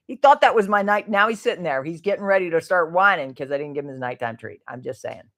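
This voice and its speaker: A woman's voice: lowish voice, lively intonation, fairly quick, fairly bright tone. A middle-aged woman hosting a casual livestream, chatting in a rambling way, laughing often and trailing off mid-sentence. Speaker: livestream host.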